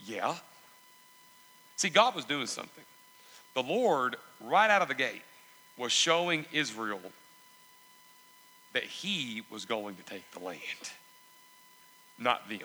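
A man preaching a sermon, animated and asking the congregation call-and-response questions. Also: mid-range voice, slow pace, pauses often, husky, in a large hall, low-quality recording. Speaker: pastor.

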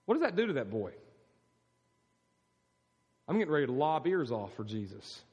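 Man, pastor, sermon, rhetorical questions, mid pitch, long hall reverb. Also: sing-song, normal speed, a little mellow, breathy edge, dull audio. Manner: storytelling preacher, rhetorical questions to the congregation.

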